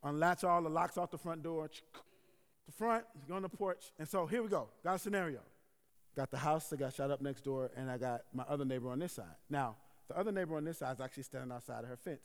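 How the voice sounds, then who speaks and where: A male pastor telling a story in a sermon, animated and acting out scenes with sound effects, in a large worship hall. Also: a little high, fast. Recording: echoey hall.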